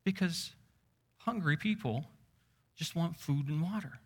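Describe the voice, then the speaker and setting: A man preaching a sermon. He slows down on key words and keeps asking his listeners questions. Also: a little high, breathy edge. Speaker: pastor.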